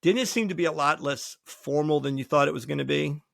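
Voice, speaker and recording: A man who is a lawyer, hosting a casual talk show and telling folksy, animated stories on a close mic. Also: a little high, a little fast, vocal fry, dry recording. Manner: folksy, animated anecdotes with acted quotes. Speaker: lawyer and podcast host.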